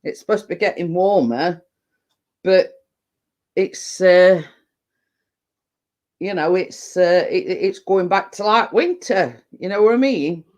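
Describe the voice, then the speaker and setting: Slow-talking woman host. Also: lowish voice, a little mellow. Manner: chatty, laughs often, rambling. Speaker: live-stream host. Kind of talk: casual chat.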